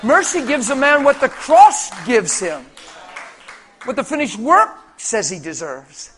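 A man with a rather high voice preaching to a congregation. His sermon is animated and colloquial, full of storytelling. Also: measured pace, a faint crowd.

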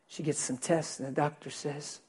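A man preaching as a pastor, telling a story to his congregation, swinging between loud bursts and hushed, quiet lines. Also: on the high side, steady tone, moderate pace, slightly rough. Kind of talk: sermon storytelling.

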